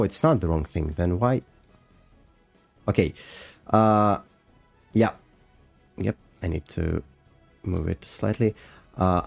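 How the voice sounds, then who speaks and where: Faint music sits under a man with a low, gravelly, slightly mellow voice and no echo. He's an animator streaming a casual breakdown of his animation work, hesitating often and leaning on fillers.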